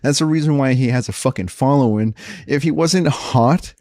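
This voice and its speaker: Man, streamer, middle pitch, fast profane rambling, dry room. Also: a little mellow, dry recording. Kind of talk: casual chat.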